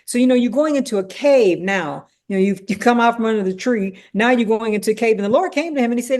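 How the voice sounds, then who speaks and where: Animated woman teaching a Bible study. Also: fairly high pitch, fast talker, few pauses. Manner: animated, acts out dialogue, frequent "you know".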